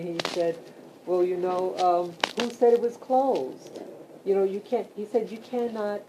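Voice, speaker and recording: A woman vlogging casually from her bed at home, talking slowly with many fillers and restarts. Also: on the low side. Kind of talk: casual talk to camera. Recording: loud background hiss.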